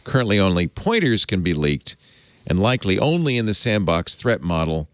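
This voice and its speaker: A man's voice: low-pitched, big pitch swings, normal speed, fairly bright tone, clean tone, no room sound. A man hosting a tech podcast, talking casually and rambling, often correcting himself and chuckling. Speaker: podcast host.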